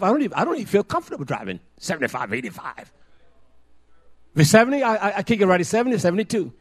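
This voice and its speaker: An older man delivers a sermon in a high-pitched voice. He tells quiet, rambling stories, then rises into loud, emphatic preaching, repeating single words for force. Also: big pitch swings, fast talker.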